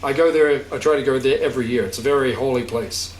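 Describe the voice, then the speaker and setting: A man's voice: mid-range voice, fast. A man as spiritual teacher giving an informal talk to a gathering, conversational, checking understanding with questions and laughing easily. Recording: echoey room, distant mic, faint hiss.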